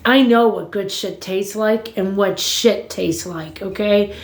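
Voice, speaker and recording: A woman talks to her viewers from home in loose, rambling casual chat, blunt and quick to swear. Her voice sits at an everyday middle pitch for a woman. The room around her rings with noticeable echo. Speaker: vlogger. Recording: roomy echo.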